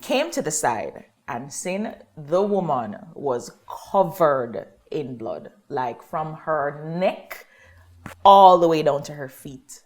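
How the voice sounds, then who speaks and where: A woman's voice: sits low, slow pace. A young woman, a guest on an interview show, telling a personal story and acting out what people said. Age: young adult. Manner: animated storytelling, acts out quoted speech.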